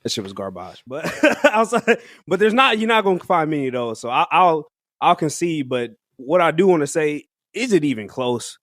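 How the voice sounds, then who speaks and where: Man, fairly high voice, slangy casual podcast chat, laughs a lot, dry close sound. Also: big pitch swings, moderate pace, fairly bright tone, no room sound. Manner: slangy, laughs often, rambling restarts. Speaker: podcast co-host. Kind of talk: casual music review chat.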